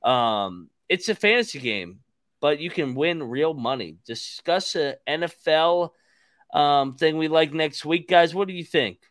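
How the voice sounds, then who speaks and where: A man's voice: a little high, expressive, measured pace, a bit bright, dry recording. Profane, laughing podcast host, man. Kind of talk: casual sports talk podcast.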